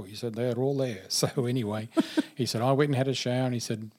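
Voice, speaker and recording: Older male storyteller, husky, animated, plays all the quoted voices. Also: medium pitch, fairly quick. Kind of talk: personal storytelling.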